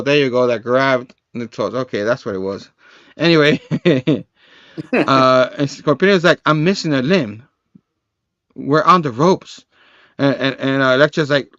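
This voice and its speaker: A man casually recapping a comic book on a show, acting out the characters' lines with quick shifts in voice and frequent laughs. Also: medium pitch, fairly bright tone, no room sound, dull audio.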